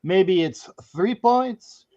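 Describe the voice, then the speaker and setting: Boisterous joking man, high voice. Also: lively intonation, extremely slow, dark tone. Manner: joking, boisterous, bursts into song. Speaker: podcast host. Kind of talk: casual sports talk. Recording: dull lo-fi audio.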